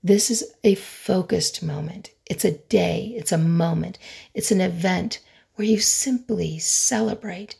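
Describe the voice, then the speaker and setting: Middle-aged woman, podcast host, husky and lowish voice, emphatic delivery with pauses. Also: dark tone. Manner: earnest and emphatic, with dramatic pauses and listed phrases. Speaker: podcast host and conflict resolution expert. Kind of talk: solo podcast talk.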